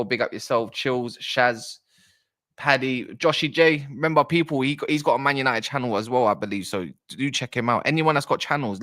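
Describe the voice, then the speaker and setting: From South East London, a chatty man with a medium-pitched voice hosts a football stream. He reads the chat aloud and shouts out viewers, keeping the livestream talk casual.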